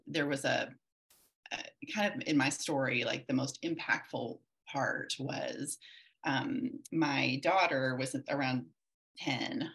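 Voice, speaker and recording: A woman's voice: deep voice, fairly bright tone. A woman in her forties, a podcast guest, telling a personal story candidly and reflectively, with many restarts.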